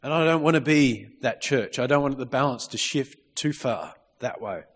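Lively male preacher in a reverberant hall. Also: mid-range voice, normal speed, slightly rough. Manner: lively, calls out for amens, reads scripture. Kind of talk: sermon. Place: church hall. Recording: long reverb of a church hall.

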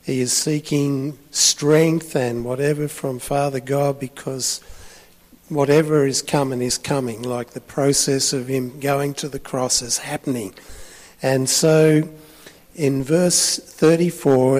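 A man's voice: mid-range voice, steady tone, slow, darkish tone, in a large hall. A man preaching a sermon, telling a story in a chatty way with frequent restarts.

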